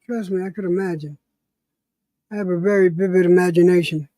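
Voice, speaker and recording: A man's voice: high-pitched, fairly even intonation, fairly quick, warm tone, dry recording. A man hosting a casual stream chat, joking and laughing, with profane banter.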